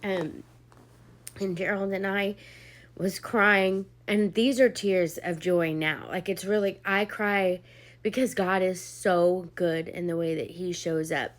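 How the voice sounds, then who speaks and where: A young woman with a somewhat low voice tells a personal story to camera. She talks casually, filling her sentences with "like" and "um". Her voice carries emotion, close to tears at times. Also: fairly even intonation, takes it slowly. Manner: chatty, heavy on "like" and "um", acts out quoted dialogue. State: emotional, near tears at points. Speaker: vlogger sharing a personal testimony.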